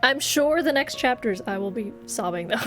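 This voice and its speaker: A woman streamer giving expressive live commentary on a game, swearing and laughing as she reacts. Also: a little high, moderate pace. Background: game music.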